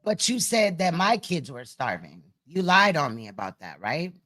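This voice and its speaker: A woman's voice: deep voice, sing-song, moderate pace, a bit bright. Blunt mocking woman commentator. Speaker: commentary streamer reacting to a clip. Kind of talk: casual reaction commentary.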